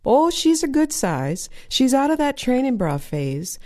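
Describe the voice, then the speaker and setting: Lady putting on a high chirpy mom voice, fussy and proud, spoken-word poem. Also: big pitch swings, a little slow, darkish tone. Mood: fussing. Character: fussy proud mother fitting daughter's bra.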